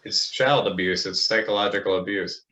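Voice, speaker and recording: A man's voice: sits low, normal speed, sharp tone. A man talking as a podcast guest in casual conversation, emphatic and indignant, swearing casually. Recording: slightly muffled lo-fi audio.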